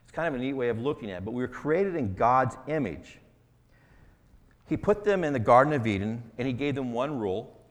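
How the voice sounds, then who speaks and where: A male pastor preaches in a relaxed, conversational way and keeps stopping to ask his listeners questions. His voice sits at an ordinary middle pitch. The sound carries a long hall reverb, as if from a church sanctuary. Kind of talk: sermon.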